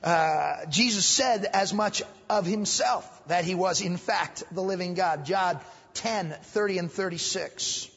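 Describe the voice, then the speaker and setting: Soft music plays behind a man pastor giving an emphatic Sunday school sermon in a church hall, where he repeats phrases and raises his voice for emphasis. His voice is high, a bit bright, slightly rough, and touched with vocal fry; he's unhurried yet hardly pauses. The recording sounds dull, with long hall reverb.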